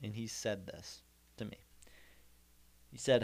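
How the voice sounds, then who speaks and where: A man's voice: lowish voice, slow pace, vocal fry, long pauses, darkish tone. A young man telling a comic story in a rambling monologue, repeating himself and making mock-indignant asides. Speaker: comedian host.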